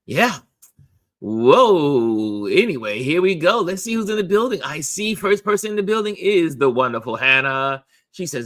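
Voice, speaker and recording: A man's voice: on the high side, moderate pace. A man hosting a daily live stream, chatting casually and reading out viewer comments, repeating phrases in a chatty way. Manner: chatty, repeats phrases, lively sing-song delivery. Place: New York.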